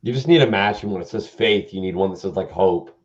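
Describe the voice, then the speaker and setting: A man's voice: sits low, a little fast, breathy edge. A man co-hosting a live guitar stream, bantering in a laid-back way with jokey asides. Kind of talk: casual live-stream chat. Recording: dull lo-fi stream audio.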